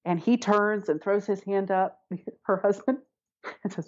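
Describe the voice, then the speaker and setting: A woman's voice: mid-range voice, unhurried, dry recording, lo-fi sound. A woman telling a personal story in an interview, candid and wry, often laughing as she talks. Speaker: interview guest.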